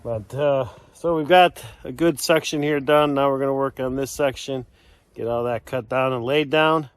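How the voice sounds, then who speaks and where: A man's voice: mid-range voice, steady tone, normal speed, clear, resonant tone, dry recording. A middle-aged man, out of breath, chatting casually and rambling with self-deprecating asides while working outdoors on a snowy road. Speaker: homesteader vlogger.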